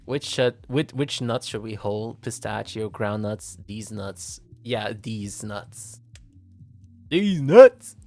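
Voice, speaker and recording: A male VTuber streamer, not a native English speaker, chats in a very slow, drawn-out way. He giggles and stammers, repeating his words as he goes. Soft music plays faintly behind him. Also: lowish voice, level tone. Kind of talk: casual livestream chat.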